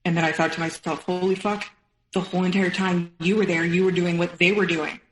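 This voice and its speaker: This woman's voice sits on the low side with little pitch movement, and the poor audio echoes around the room. In her thirties and guesting on a podcast, she tells a personal story emotionally, acting out others' remarks in a quick retelling.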